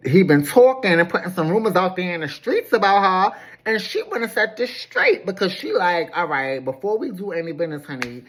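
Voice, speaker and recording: A woman giving a casual, sassy recap of a reality episode, gossipy and dramatic, calling people honey. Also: deep voice. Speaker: recap host.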